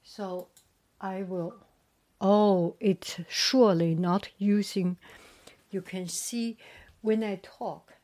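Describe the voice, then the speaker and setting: A woman vlogger chatting casually as she tests a microphone plugged into her laptop, often dropping to a soft whisper. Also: mid-range voice, fairly even intonation, slow pace. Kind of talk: casual demonstration. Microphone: small microphone plugged into a laptop.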